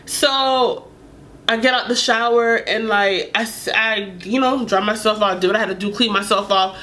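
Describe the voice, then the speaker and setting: A young adult woman telling a candid, animated storytime vlog, sometimes laughing and dropping to a whisper. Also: high voice, moderate pace, faint music behind. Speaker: vlogger.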